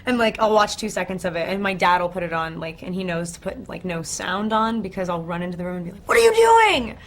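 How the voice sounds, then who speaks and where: A woman's voice: on the low side, steady tone, fast. A woman in her twenties, an actress, chatting loosely in an interview, full of "like", swearing and laughing. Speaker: actress guest. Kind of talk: casual interview chat.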